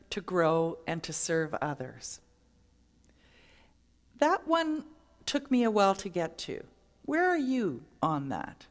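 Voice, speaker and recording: Woman minister telling stories in a sermon. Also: medium pitch. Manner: storytelling, acts out quoted voices.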